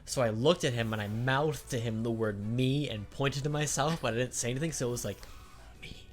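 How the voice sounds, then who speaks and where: A man co-hosting a casual gaming podcast, telling stories with dry, deadpan jokes. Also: medium pitch, a little fast. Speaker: podcast co-host. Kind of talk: casual chat while gaming. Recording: faint music behind.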